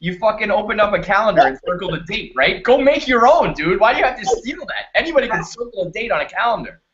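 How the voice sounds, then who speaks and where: A man's voice: high voice, very animated, fast, muffled recording, a crowd in the background. A man in casual banter, blunt and scornful, swearing often. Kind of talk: casual sports-blog banter.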